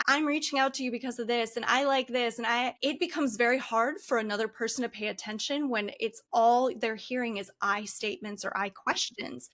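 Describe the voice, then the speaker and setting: Higher-voiced woman podcast host. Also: fairly bright tone. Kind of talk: conversational interview.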